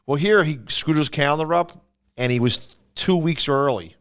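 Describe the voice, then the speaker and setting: Smooth-voiced comedian telling stories. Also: male voice, on the high side, moderate pace. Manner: animated storyteller. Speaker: comedian and podcast host. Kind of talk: casual podcast chat.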